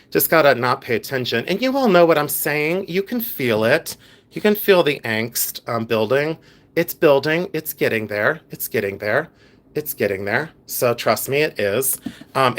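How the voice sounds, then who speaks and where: A man with a Pennsylvania Dutch accent hosts a casual livestream, his mid-range voice a bit bright. He chats, reads viewer comments out loud, and wanders off into rambling asides.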